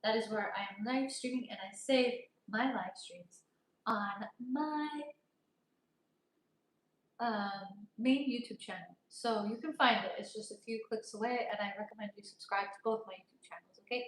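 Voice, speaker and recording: A woman's voice: mid-range voice, normal speed. A woman from Armenia hosting a casual livestream, chatty and playful, reading viewer comments and sometimes slipping into a sing-song voice. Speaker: livestream host. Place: outdoors near her home at dusk. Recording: echoey, a little far from the mic.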